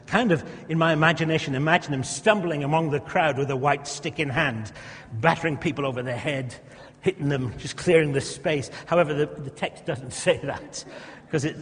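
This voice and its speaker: A male preacher, delivering an impassioned sermon and acting out characters. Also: on the high side. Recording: reverberant hall.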